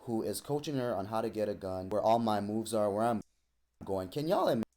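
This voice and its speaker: A man's voice: lowish voice, expressive, brisk, darkish tone. A man in his thirties delivers a direct-to-camera rant at his ex-partner. He is confrontational and keeps circling back to the same points. His voice moves a lot, rising and falling as he presses each one home. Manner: confrontational, repetitive, lecturing. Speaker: vlogger responding to an ex-partner.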